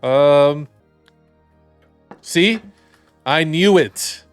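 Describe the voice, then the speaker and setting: A man's voice: fairly high pitch, very slow, clear, resonant tone, faint music behind. A man giving rambling, jokey let's play commentary and reading the game's dialogue aloud. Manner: rambling, jokey, reads game text aloud. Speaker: gaming video commentator.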